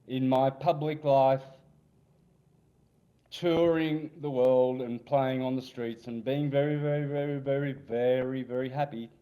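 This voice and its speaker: A man in his sixties, a podcast guest telling rambling, animated anecdotes. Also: medium pitch. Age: 60s. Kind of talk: casual storytelling interview.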